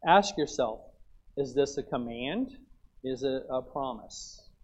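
A man's voice: medium pitch, expressive, takes it slowly, dull audio. A man preaching a sermon in a folksy, storytelling way, with plain asides and Bible quotes. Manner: folksy, acts out chewing sounds.

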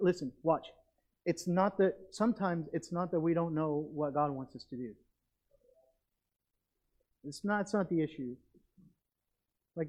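A male youth pastor, preaching energetically and swinging between loud exclamations and quiet asides. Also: a little high, highs cut off. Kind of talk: youth sermon with object lesson.

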